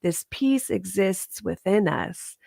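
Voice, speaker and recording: A woman's voice: mid-range voice, expressive, takes it slowly, vocal fry, a little mellow, slightly rough, no room sound, clean studio sound. A woman reverend giving a conversational sermon to her congregation, often chuckling and asking "right?".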